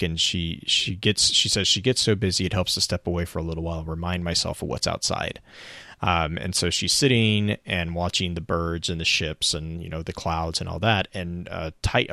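A man's voice: sits low, vocal fry, pushed and bright, no room sound, studio quality. A man co-hosting a podcast, retelling a story in casual chat with many restarts and bursts of laughter. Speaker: podcast co-host.

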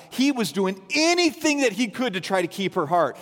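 A man's voice: high voice, sing-song, brisk, few pauses, a bit bright, long reverb tail. A man preaching a sermon, telling a story and acting out the people in it in quoted voices. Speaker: pastor.

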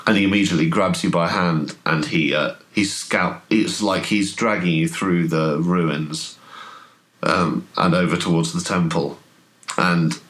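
Deep-voiced male game master, halting delivery with many pauses and fillers. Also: fairly bright tone. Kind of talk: narrating a tabletop horror game.

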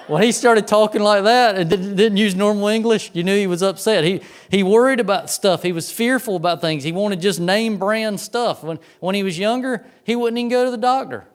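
Pastor guy, chatty sermon storytelling, kinda high voice, stumbles and repeats words. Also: fairly quick, few pauses. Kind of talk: sermon with personal stories.

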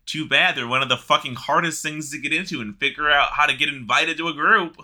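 A man's voice: fairly high pitch, fairly quick. A man chatting casually about a video game, telling stories with swearing and laughter. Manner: animated, swearing, laughing storyteller. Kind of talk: casual gaming chat.

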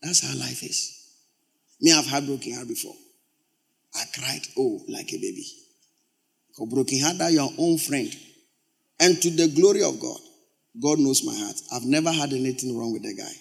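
A male pastor preaching a sermon. He repeats words for emphasis and swings from loud exclamations to low, quiet storytelling. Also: normal speed, gravelly, long pauses.

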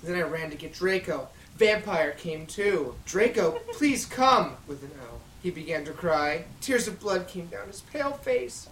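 A woman's voice: on the low side, lively intonation, moderate pace, hardly any pauses, a little hiss or hum. A woman podcast host reading fan fiction aloud in a giggly, theatrical way at home in a dining room. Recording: echoey room, mic at a distance.

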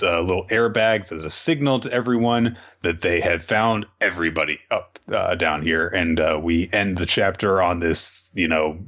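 Podcast co-host, male, lower voice, bright and forceful, dull lo-fi recording. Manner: laid-back, dry summaries with filler words. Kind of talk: casual chat recapping manga chapters. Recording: dull lo-fi sound.

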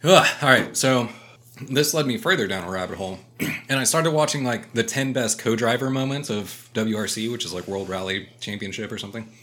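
Animated man telling stories, bright voice. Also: medium pitch, fairly quick. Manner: animated storyteller, swears freely, acts out quotes loudly. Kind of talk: casual chat.

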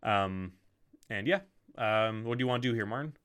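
Bright-voiced male game master. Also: fairly low pitch, normal speed, clean tone. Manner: hesitant, full of ums and restarts. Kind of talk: narrating a tabletop game.

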